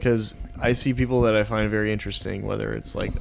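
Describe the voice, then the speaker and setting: Lowish guy on a podcast, rambly and swears, bit of faint noise in the background. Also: little pitch movement, quick pace, vocal fry. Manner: rambling, profane. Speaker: podcast co-host. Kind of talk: casual podcast chat.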